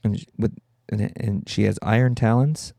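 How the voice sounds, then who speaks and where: A man hosting a solo comedy podcast, irreverent and full of quick joking asides. His voice is gravelly and dark, and it sits dry and close with no room sound. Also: fairly low pitch, steady tone, dry recording. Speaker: podcast host.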